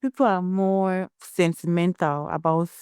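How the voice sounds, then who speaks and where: A woman's voice: on the low side, steady tone, a little slow, darkish tone, clean tone, no room sound, studio quality. A young Nigerian woman hosting a solo podcast, giving blunt opinions and telling stories in a conversational way. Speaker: podcast host.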